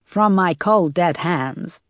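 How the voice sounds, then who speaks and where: A woman's voice: sits low, big pitch swings, moderate pace, no room sound, clean studio sound, heavily acted. A woman narrator voicing a blunt, wisecracking female detective who talks frankly and teases her boss. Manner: frank, teasing.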